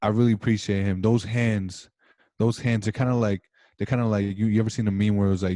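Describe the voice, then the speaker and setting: A man's voice: fairly low pitch, fairly even intonation, fast, mellow, no echo. A young man and podcast host on a video call, going on an impassioned, rambling monologue full of swearing. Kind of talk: casual chat over video call.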